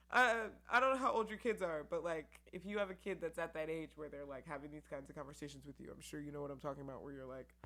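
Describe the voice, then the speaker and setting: Woman podcast host, low voice, candid rambling chat with plenty of "um" and "like", talking to camera. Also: fast talker, hardly any pauses, pushed and bright. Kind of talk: casual solo podcast chat. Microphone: camera with mic.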